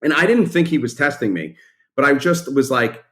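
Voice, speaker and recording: Fifties guy, founder type, lively blunt storyteller, salty casual talk. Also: medium pitch, moderate pace, slight background noise. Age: 50s. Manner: animated, casual and blunt, swears freely. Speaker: company founder, guest. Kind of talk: storytelling in a podcast interview.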